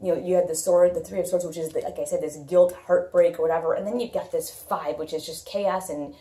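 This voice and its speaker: A woman's voice: lowish voice, fairly even intonation, brisk, warm tone. Blunt woman tarot reader, echoey room. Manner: blunt, repetitive, thinks aloud with many fillers. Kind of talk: casual tarot reading monologue.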